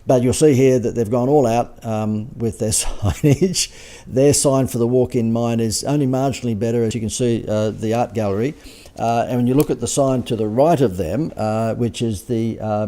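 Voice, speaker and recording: A business coach presents over slides, dropping dry, sarcastic asides and chuckles. His voice is medium in pitch with a dark tone.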